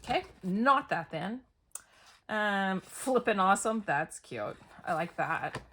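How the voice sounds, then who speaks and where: A middle-aged scrapbooking crafter narrates her work on a layout, chatty and self-deprecating, laughing at herself as she thinks aloud. Her medium-pitched voice has lively intonation and a sharp tone, and she speaks slowly.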